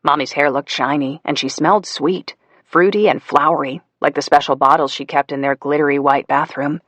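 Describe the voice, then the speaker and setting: A man narrating a psychological thriller audiobook in a measured storytelling manner, voicing the characters as he goes. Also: a little high, steady tone, a bit bright, dry recording. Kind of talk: scripted narration.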